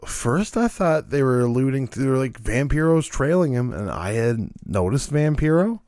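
Man, casual co-host, swears a lot, lively pitch, dry close sound. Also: moderate pace, dry recording. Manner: profane, animated, laughs often. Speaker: podcast co-host. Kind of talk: casual chat reviewing wrestling.

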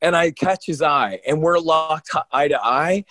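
A man, a pro wrestler and co-host, telling stories in an animated, rambling way with lots of restarts. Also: a little high, measured pace, dry recording. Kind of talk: casual storytelling on a podcast.

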